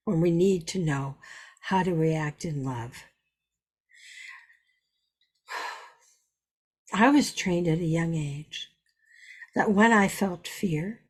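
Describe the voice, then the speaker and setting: Slow, husky-voiced woman spiritual teacher. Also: lowish voice. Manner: earnest, repetitive, storytelling.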